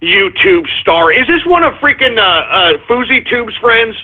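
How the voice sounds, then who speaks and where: A man's voice: very high voice, very animated, measured pace. Ranting man on a muffled phone line. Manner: angry, profane, repetitive ranting. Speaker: radio show host. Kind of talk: ranting call-in radio monologue.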